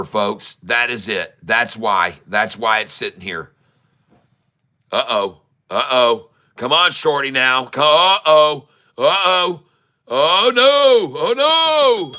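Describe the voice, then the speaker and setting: A middle-aged man streams his day-trading live, teasing and pleading with the market makers. He drags his words out slowly, and his voice is bright and cutting. The tone stays smooth and clean throughout. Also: mid-range voice. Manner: excitable, taunting, drawls numbers, talks to the market.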